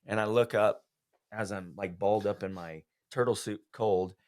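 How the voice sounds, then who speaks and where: Low-voiced man telling his story. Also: fairly even intonation, moderate pace, darkish tone. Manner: earnest, heartfelt storytelling. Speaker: podcast guest. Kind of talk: personal testimony in a podcast interview.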